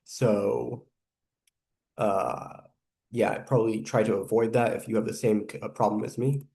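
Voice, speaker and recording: A man giving casual reaction commentary on video clips, rambling and pausing, who says saliva builds up when he talks fast. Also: on the low side, steady tone, gravelly, dark tone. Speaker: video reviewer.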